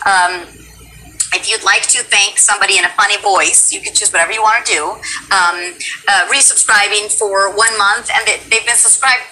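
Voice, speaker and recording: A woman's voice: medium pitch, bright, forceful tone, slight background noise, poor audio. A woman hosting a live stream, chatting casually and giggling as she thanks subscribers. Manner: chatty, giggly, loose with fillers. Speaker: streamer host.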